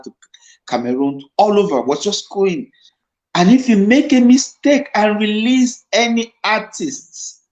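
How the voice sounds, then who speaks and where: A middle-aged man with a Nigerian accent, an actor telling stories in a casual interview and slipping into Pidgin. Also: fairly high pitch. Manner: animated storyteller, dips into Pidgin. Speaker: guest actor. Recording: dull lo-fi recording.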